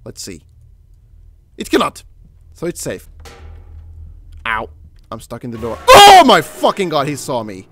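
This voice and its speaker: A man commentating his horror gameplay casually, jumpy and swearing, shouting at the game character. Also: medium pitch, expressive, a little slow, pauses often, heavy background noise. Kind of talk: casual let's play commentary.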